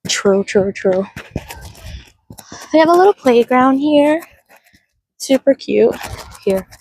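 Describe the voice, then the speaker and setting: Breathy, lively woman chatting on a walk. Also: sits high, takes it slowly, no echo, poor audio. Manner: chatty, greets viewers by name, laughs easily. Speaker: livestreamer. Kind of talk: casual livestream chat. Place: outdoors in a park, walking.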